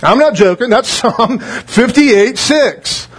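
Middle-aged male pastor with a high voice, folksy sermon delivery, jokey asides. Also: expressive, takes it slowly, breathy edge. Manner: folksy, joking, asks "right?" often. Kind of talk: conversational sermon.

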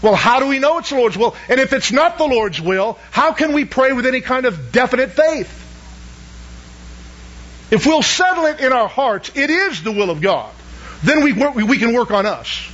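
A man's voice: extremely high pitch, expressive, normal speed, fairly bright tone, dull audio. A man preaching a sermon, asking the congregation questions and pressing each point with emphasis. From Southern United States. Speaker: pastor.

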